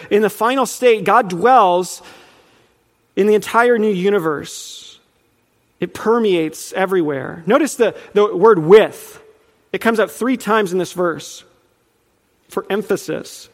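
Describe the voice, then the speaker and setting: A man with a high voice teaches a sermon in an earnest, building manner, now and then quizzing the room. His words ring out with a long reverb from a large church hall. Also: a bit bright. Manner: earnest, rising in emphasis, quizzes the audience. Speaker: preacher teaching on Revelation.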